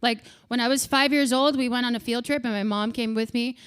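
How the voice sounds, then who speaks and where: A woman in her thirties doing stand-up with crowd work, profane and animated, bursting into shouts. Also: on the high side, brisk, clear, resonant tone. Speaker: stand-up comedian.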